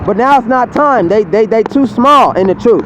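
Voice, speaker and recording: A man's voice: sits high, animated, normal speed, a bit bright, slight background noise, rough recording. A man preaching a heated, repetitive sermon outdoors by a street, cursing and hammering his points again and again.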